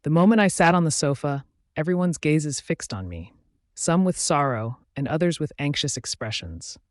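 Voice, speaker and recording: A man's voice: on the high side, expressive, normal speed, no room sound, clean studio sound. A man narrating a first-person werewolf romance story in a dramatic storytelling reading.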